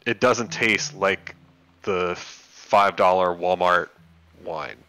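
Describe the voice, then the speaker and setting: A man's voice: deep voice, fairly even intonation, takes it slowly, sharp tone, clear, resonant tone, dry recording. A man streaming a game, chatting casually and bluntly, swearing now and then. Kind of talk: casual chat while playing.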